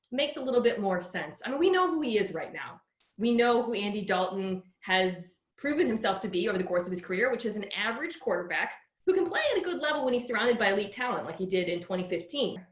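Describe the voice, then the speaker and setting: A woman co-hosting a sports talk show, giving quick, lively analysis in a casual chat. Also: mid-range voice, reverberant.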